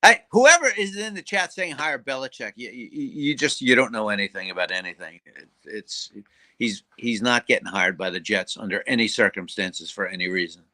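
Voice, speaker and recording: A man co-hosting a sports call-in show, chatting casually and telling stories with lively impressions of other people. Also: fairly low pitch, moderate pace, rough recording. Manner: storytelling with lively mimicry of others. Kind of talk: casual chat.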